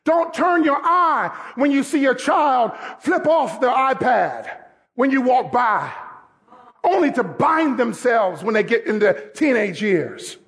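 A man preaching a sermon, mixing scripture reading with direct, emphatic exhortation that swells into shouts. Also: extremely high pitch, sing-song, takes it slowly. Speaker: pastor.

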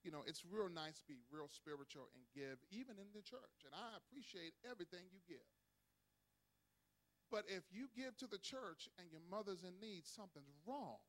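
High-voiced preaching man. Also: expressive, moderate pace, a bit bright. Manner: calls for audience responses. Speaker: pastor. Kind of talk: sermon. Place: church sanctuary.

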